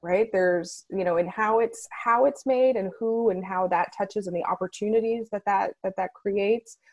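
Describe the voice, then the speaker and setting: Lively woman guest, dry sound. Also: mid-range voice, normal speed, no room sound. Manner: lively, many "you know" fillers. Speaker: interview guest. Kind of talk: casual interview.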